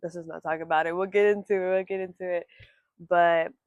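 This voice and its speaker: A woman's voice: lowish voice, steady tone, a little fast, a little mellow, no room sound, highs cut off. A young woman vlogging to camera from home, talking candidly and rambling, swearing freely. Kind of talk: casual talk to camera.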